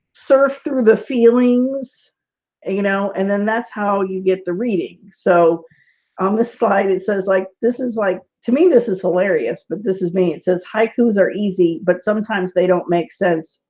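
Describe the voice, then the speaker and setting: A woman's voice: mid-range voice, darkish tone. Chatty woman teaching tarot online. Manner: chatty, rambling, laughs often, many "like"s. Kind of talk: casual online class. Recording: dull lo-fi webinar audio.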